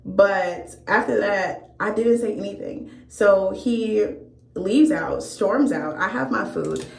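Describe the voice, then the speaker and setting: A woman's voice: mid-range voice, slow, a little mellow. A young woman vlogger telling a storytime tale in a candid, profane, amused way. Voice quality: gravelly vocal fry. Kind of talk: storytime chat. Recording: echoey room.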